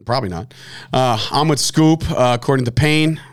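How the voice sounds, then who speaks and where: A young man, hosting a sports chat and ranting loudly and mockingly about fandom. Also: mid-range voice, normal speed. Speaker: sports podcast host. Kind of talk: heated casual sports chat.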